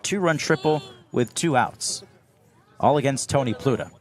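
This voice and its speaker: A young man doing baseball play-by-play commentary, steady between pitches and climbing high and loud on big plays. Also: moderate pace. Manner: steady calls that rise sharply on big plays. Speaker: play-by-play announcer.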